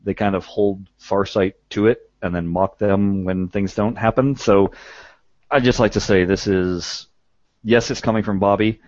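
A man hosting a podcast in casual chat. He is chatty, laughs often and fills his pauses with "uh". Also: on the low side, fairly even intonation, darkish tone, dry recording, lo-fi sound. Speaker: podcast host.

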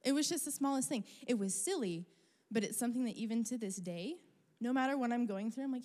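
A young adult woman preaching a sermon, telling a personal story in a chatty, animated way with casual fillers. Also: a little high, fast talker. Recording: long reverb of a large hall.

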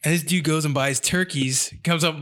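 A man from San Jose telling a story in a casual chat, profane and animated, acting out the quotes. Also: a little high, moderate pace. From San Jose, California.

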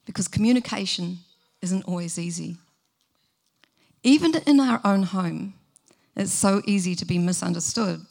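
A woman's voice: medium pitch, normal speed, creaky, long pauses, a little mellow. A middle-aged woman, giving a sermon in an earnest, conversational way and asking the listeners questions. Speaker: preacher.

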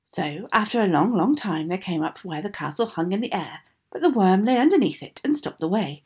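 Female storyteller, animated delivery, raspy low-edged fairy-tale read. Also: fairly quick. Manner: expressive, sing-song reading.

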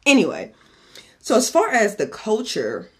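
A man's voice: high voice, wildly swooping pitch, a little slow, a bit bright, slightly rough. A man hosting a podcast in a casual chat, giving a cocktail recipe in a chatty, profane way and drifting off on tangents. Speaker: podcast host.

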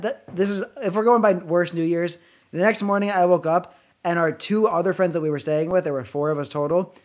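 High-voiced man telling a rambling story. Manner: animated, swearing, rambling anecdotes. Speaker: podcast co-host. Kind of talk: casual storytelling chat.

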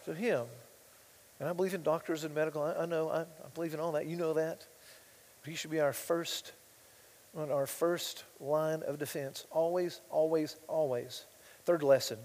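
A man with a high voice preaching a sermon in a big hall with a long echo. He drops to quiet asides, then builds to loud, impassioned passages, reading scripture with mounting force. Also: normal speed, long pauses. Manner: reads scripture aloud with rising intensity. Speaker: pastor.

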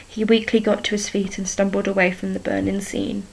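A woman reading a story chapter aloud, steady and even, with a few small restarts. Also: medium pitch, fairly quick, creaky, low-quality recording.

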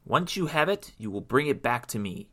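A man's voice: medium pitch, big pitch swings, sharp tone, pitched above the performer's own voice. A man putting on a gloating evil sea queen. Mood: commanding. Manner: gloating, drawn-out and mocking.

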